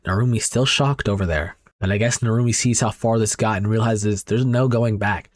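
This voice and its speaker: A man's voice: fairly low pitch, moderate pace, no room sound, studio quality. A young man giving casual commentary over a horror manga recap, reacting aloud as he goes.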